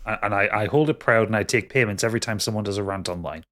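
A man's voice: on the low side, fast, a bit bright. A man co-hosting a podcast, making wry, sarcastic quips in casual banter. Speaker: podcast co-host.

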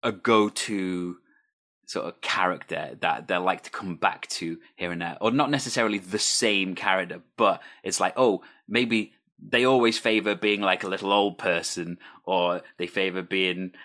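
Very deep-voiced male interviewer. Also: moderate pace, bright, forceful tone. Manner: fluent, chatty questioner. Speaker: interviewer, host. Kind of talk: casual interview.

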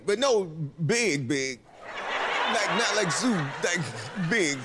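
A man doing a stand-up comedy set, telling a loose, animated story full of profanity and acted-out quotes. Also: sits high, slow. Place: stage before a live audience. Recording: live club recording with loud crowd noise.

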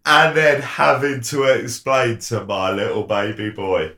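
A man's voice: medium pitch, fairly even intonation, unhurried, echoey room, noisy background. A man in his thirties co-hosting a podcast in casual chat, a jokey storyteller who mimics voices. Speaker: podcast co-host.

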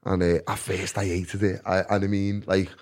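A man's voice: low voice, little pitch movement, normal speed. A man telling stories as a guest in a casual chat, laughing often and often asking "do you know what I mean".

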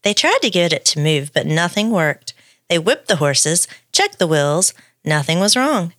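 A woman's voice: on the low side, big pitch swings, unhurried, a bit bright, no room sound, clean studio sound. A woman co-hosting a podcast, reading a story aloud with playful asides. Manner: reads the script with playful asides. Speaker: podcast co-host.

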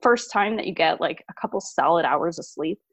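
A woman in her thirties, a guest on an interview show, telling a personal story in an animated way with frequent laughs. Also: low-pitched, fairly quick, vocal fry, husky, no room sound. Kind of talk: podcast interview. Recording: dull lo-fi dry sound.

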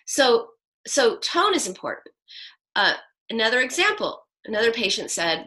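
A woman's voice: fairly high pitch, very animated, normal speed, sharp tone, rough recording. A middle-aged woman psychoanalyst answering interview questions in an emphatic way, acting out quoted self-talk. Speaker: psychoanalyst guest.

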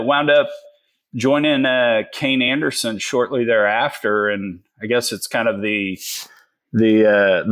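A Texan man in his forties, an energy investor appearing as a guest, tells stories in a folksy, joking way with many fillers during a casual interview. His voice is lowish with a fairly bright tone.

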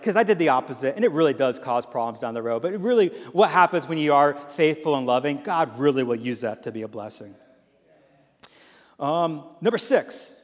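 A man giving a sermon as guest speaker, telling stories and acting out the voices in them. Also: medium pitch. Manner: animated storytelling with quoted voices. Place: church hall. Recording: long hall reverb.

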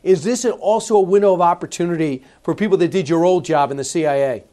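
A man's voice: sits high, quick pace, warm tone. A male radio host interviewing a guest, pressing his points with emphatic, pointed questions. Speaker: radio talk show host.

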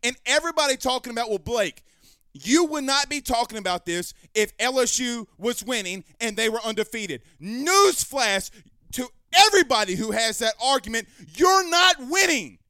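A man hosting a sports talk show, ranting heatedly and raising his voice to shouts. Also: very high voice, brisk, clean tone, no room sound. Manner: fiery, ranting, raises voice to shouting. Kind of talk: heated sports commentary rant.

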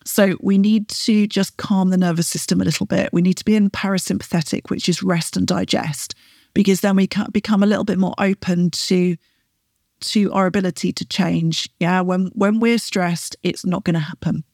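A woman podcast host coaching her listeners, guiding them through slow breaths and encouraging them often with a quick "right?". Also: lowish voice, steady tone, darkish tone, no room sound, studio quality. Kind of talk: coaching talk with guided breathing.

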